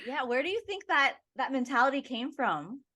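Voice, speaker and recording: A woman hosting an interview, asking relaxed questions between short encouraging replies. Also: sits high, normal speed. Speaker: podcast host. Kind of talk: casual interview.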